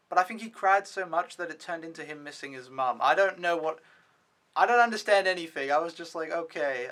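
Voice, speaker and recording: A man's voice: fairly high pitch, pushed and bright. A young man doing a casual vlog recap of his week as an au pair, rambling with lots of "like" and frequent swearing. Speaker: au pair vlogger.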